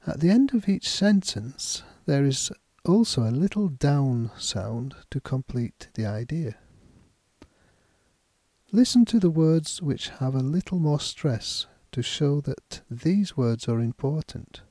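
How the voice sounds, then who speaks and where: Slow, careful male English teacher. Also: fairly high pitch, sing-song, dark tone, no room sound. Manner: slow, deliberate, clearly enunciated. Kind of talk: slow, careful English lesson with read-aloud text.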